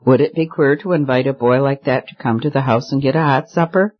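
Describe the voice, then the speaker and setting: A gentle, soft-spoken young woman with a strong conscience, as a man reads her lines, quiet but persistent in how she speaks. Her pitch sits in an ordinary middle range. The recording has a slightly dull, muffled tone. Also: brisk, close to an everyday voice. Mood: earnest.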